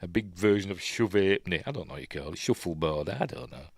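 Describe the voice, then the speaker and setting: A man with a Yorkshire accent talks through a film in a loose, live commentary, drifting off on tangents as he goes. His voice sits low and deep. The sound is close and dry, with no room around it. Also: animated, fast, gravelly, a little mellow, slightly rough, no room sound. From Yorkshire, England. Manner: rambling, chatty, easily sidetracked. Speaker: host.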